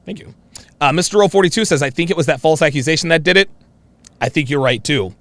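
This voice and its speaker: A man hosting a live stream and reading viewer messages aloud, with a distinctive voice that swings from very high to very low. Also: fast talker, a bit bright, no room sound.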